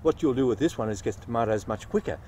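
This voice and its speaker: Aussie nursery guy, mid pitch but really animated, calm explainer outside, faint traffic and ambience behind. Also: quick pace. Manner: patient, explaining, plays straight man. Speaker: nurseryman host. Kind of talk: casual gardening demonstration. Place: outdoors in a garden nursery.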